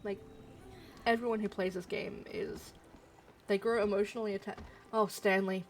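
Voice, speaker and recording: A woman streamer chatting casually while playing a game, musing out loud with frequent ums. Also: mid-range voice, little pitch movement, moderate pace, slight background noise. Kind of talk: casual let's-play commentary.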